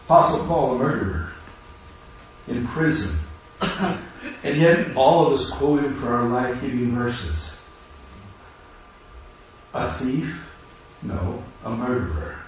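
A man preaching a sermon as pastor, shifting between quiet, intimate asides and rising, urgent calls to his congregation. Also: medium pitch, expressive, slow, long pauses, a little hiss or hum. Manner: swings from hushed asides to rising exhortation. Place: church sanctuary. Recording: very echoey church room.

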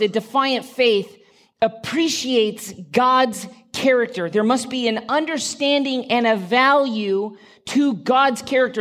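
Speaking in a fairly high voice, a woman delivers a sermon to her church congregation. She keeps it conversational, putting questions straight to the listeners and slipping in dry bits of humor.

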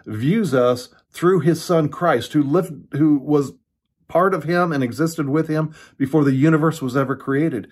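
A man's voice: on the high side, slightly rough. Earnest man teaching scripture from home. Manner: earnest, halting, with restarts and quoted verses. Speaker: pastor. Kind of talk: online Bible teaching. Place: his home. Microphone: computer or phone camera.

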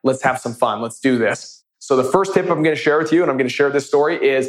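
A man's voice: mid-range voice, fast, reverberant. A man teaching real estate wholesaling, telling stories from his calls in an upbeat, casual way. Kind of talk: storytelling teaching talk.

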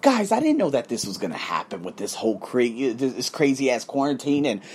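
A husky-voiced man runs his own podcast as a solo motivational talk. His pitch swings all over as he preaches, swearing freely and egging on his listeners. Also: normal speed. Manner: animated, profane, preachy. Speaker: podcast host. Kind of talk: motivational monologue. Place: abroad, living in Thailand.

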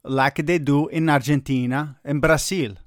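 A man with a foreign accent, calm and drily skeptical, co-hosting a casual soccer chat. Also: a little high, unhurried, no echo, studio quality. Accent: non-American. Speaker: soccer podcast co-host.

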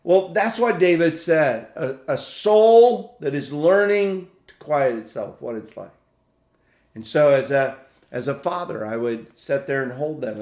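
Slow, reflective pastor in a roomy space. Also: male voice, fairly high pitch, expressive, a little mellow. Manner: reflective, halting, repeats words while searching for them. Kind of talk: podcast sermon.

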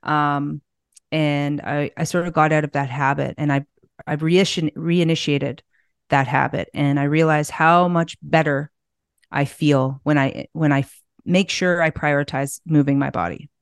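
A woman's voice: deep voice, steady tone, a little slow, smooth, no echo, studio quality. A middle-aged woman speaking as a guest in a casual interview, candid and a bit profane, often restarting her sentences. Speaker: guest, naturopathic practitioner.

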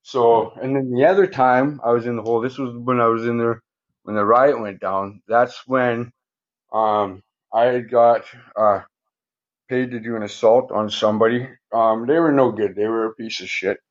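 A man with a medium-pitched, steady voice tells stories at normal speed as a podcast guest, and the audio is dull. He rambles casually, swears constantly and ends sentences with "right?" throughout this storytelling interview.

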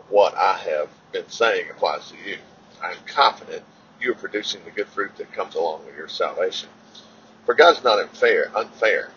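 A man reads scripture aloud at a steady, somewhat halting pace. He stumbles into fillers and corrects himself as he goes. His voice sits a little low and comes through a dull, lo-fi recording with a faint hiss behind it. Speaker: Bible reader.

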